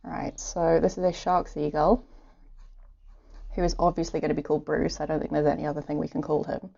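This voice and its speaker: With a low, mellow voice marked by vocal fry, this Irish art streamer speaks in a flat delivery, a little fast. She chats, giggles and talks to herself as she sketches in a room at home, over dull lo-fi stream audio.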